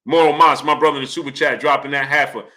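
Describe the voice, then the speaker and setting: A man's voice: on the high side, steady tone, fast, sharp tone. A man hosting a boxing livestream, talking casually, greeting chatters by name and firing the same question again and again.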